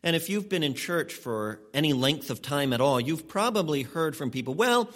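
Male pastor, slightly high-pitched, preaching an emphatic sermon. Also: expressive, a bit bright. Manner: emphatic preaching, speeds up and slows down for stress.

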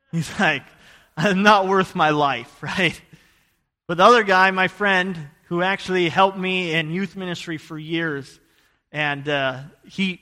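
Earnest man preaching in a big hall. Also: high-pitched. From Idaho. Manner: earnest storytelling, rising to loud urgent bursts. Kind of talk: sermon with personal story.

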